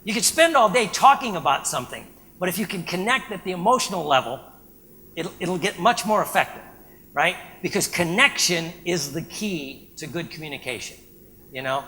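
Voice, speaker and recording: A man giving a lecture, telling an anecdote in an animated way and often checking in with "right?". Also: high-pitched, moderate pace. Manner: animated storytelling with frequent "right?" check-ins. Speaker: speaker. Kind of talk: storytelling lecture.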